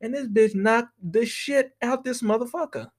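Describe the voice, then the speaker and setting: A man's voice: extremely high pitch, normal speed. An American man doing a comedic monologue, telling rambling stories and ranting with constant profanity. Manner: profane, animated, rambling storytelling.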